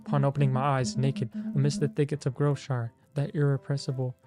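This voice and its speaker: A man's voice: mid-range voice, level tone, quick pace, loud music behind the voice, lightly acted. Man reading a courtly devoted ex-beast. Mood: earnest devoted. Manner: earnest, formal, courtly. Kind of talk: reading game dialogue aloud.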